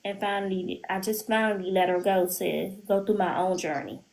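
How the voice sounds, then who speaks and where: A woman's voice: mid-range voice, normal speed, vocal fry, a little mellow, a little hiss or hum, rough recording. A woman talking openly as a podcast guest. She is emotional and candid, and she keeps slipping into quoting what she said to others. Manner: candid, emotional storytelling, quotes herself often. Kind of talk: podcast interview.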